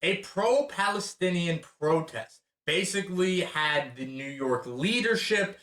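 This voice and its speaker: A man's voice: on the high side, expressive, unhurried, fairly bright tone, reverberant, distant mic. An American man recapping the year's news in a casual, chatty way with sarcastic asides and frequent fillers. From United States. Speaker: channel host.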